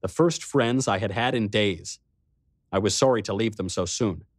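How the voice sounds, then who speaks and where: A man reading a first-person adventure story aloud with expressive storytelling. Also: fairly low pitch, normal speed, no room sound, studio quality. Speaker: narrator. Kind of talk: first-person audiobook narration.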